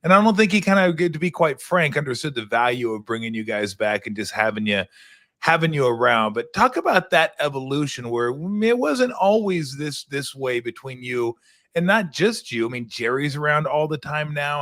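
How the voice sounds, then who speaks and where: A man's voice: mid-range voice, expressive, normal speed, a bit bright, dry recording, clean studio sound. A man hosting a talk show, asking long, rambling, enthusiastic questions in a casual way. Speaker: host. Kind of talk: casual interview chat.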